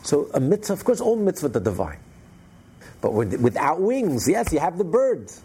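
A man teaching a religious class, telling a story in an animated way with frequent restarts. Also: fairly high pitch, normal speed, breathy edge.

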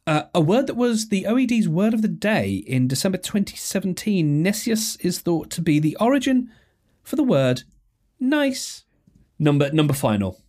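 A man talks alone to his listeners in a loose, chatty podcast style. He is animated and self-mocking, and he keeps restarting his sentences. His voice swings widely in pitch, from low asides to high exclamations. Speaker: podcast host. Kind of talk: casual solo podcast talk.

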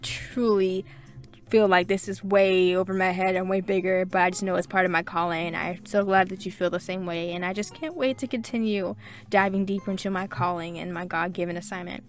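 A woman's voice: lowish voice, steady tone, a little fast. A young woman hosting her own podcast, reading listener reviews aloud and thanking each one in a gushing, chatty way full of fillers. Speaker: podcast host.

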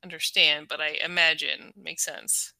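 A woman's voice: low voice, little pitch movement, unhurried, creaky, bright, forceful tone, dry recording. A woman in her forties chatting casually as a podcast co-host, full of "like" fillers. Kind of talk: casual chat.

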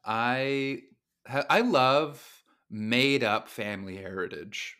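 Bright-voiced joking male co-host. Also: mid-range voice, slow, clear, resonant tone. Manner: wry, joking asides. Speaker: podcast co-host. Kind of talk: casual chat.

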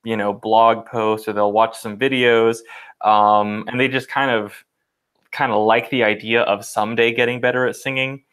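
A man's voice: lowish voice, moderate pace, clean tone. Easygoing man chatting on a podcast. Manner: relaxed, laughs easily, lots of fillers. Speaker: podcast co-host. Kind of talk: casual podcast chat.

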